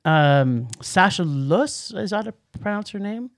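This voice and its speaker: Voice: medium pitch, lively intonation, unhurried, no echo, faint music behind. A podcast co-host reviewing movies in casual chat, enthusiastic and rambling, often restarting sentences.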